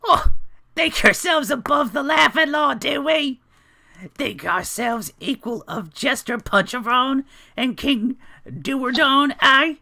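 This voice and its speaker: A man's voice: very high voice, animated, slow pace, gravelly, sharp tone, voice pushed up, heavily acted. A man voicing a short, gaunt male jester who taunts and sneers. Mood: taunting.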